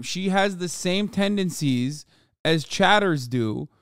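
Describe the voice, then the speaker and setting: A man's voice: high voice, expressive, takes it slowly, fairly bright tone, a little hiss or hum. A man in his thirties streaming live, talking casually and profanely, ranting at his chat while dogs bark nearby. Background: dogs barking.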